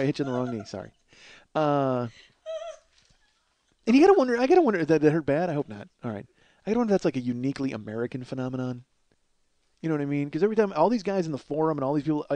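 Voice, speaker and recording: Male podcast comic, 40s, high-ish voice, rapid crude rambling riffs. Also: darkish tone, no echo. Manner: crude, self-mocking, laughs at his own jokes. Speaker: podcast host. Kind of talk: rambling comedic monologue.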